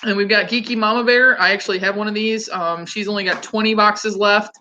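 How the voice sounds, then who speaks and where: A woman's voice: mid-range voice, steady tone, fairly quick, sharp tone, dull audio, slight background noise. A woman hosting a casual livestream, chatting loosely with many ums and restarts. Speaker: host.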